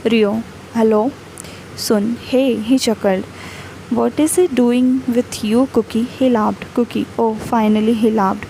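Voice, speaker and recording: A woman with a mellow, slightly high voice reads a fan fiction story aloud. She keeps every speaker name and cue in one level, unhurried tone. A faint hiss sits under the recording. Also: creaky, rough recording. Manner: reads speaker names and cues aloud in an even, unvaried tone.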